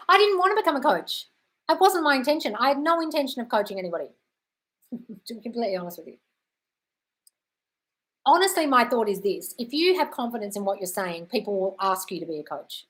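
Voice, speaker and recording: An Australian woman hosting a live question-and-answer stream in a chatty, casual way, calling viewers "darling" and swearing freely. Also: mid-range voice. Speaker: host of a live manifesting Q&A.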